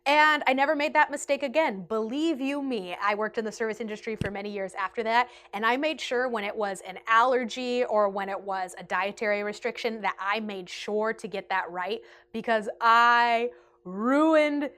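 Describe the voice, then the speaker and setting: A woman's voice: fairly high pitch, normal speed. Chatty young woman telling a storytime vlog. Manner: chatty and animated, heavy use of like. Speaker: vlogger. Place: indoors, seated in a rotating chair.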